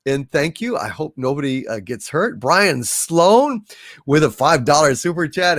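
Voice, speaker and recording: A man hosting a casual live stream, reading out viewer messages and now and then slipping into recited verse, song and impressions, with a halting way of talking full of fillers and restarts. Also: fairly high pitch, sing-song, fairly bright tone, no room sound, studio quality. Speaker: livestream host.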